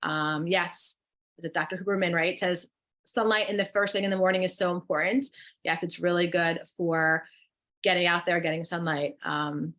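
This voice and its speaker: Over a computer mic, a woman with a New Jersey accent co-hosts a live online wellness workshop, reading out and responding to viewer comments and leading breathing exercises. Her voice is fairly low and somewhat bright, with fairly even intonation and a moderate pace.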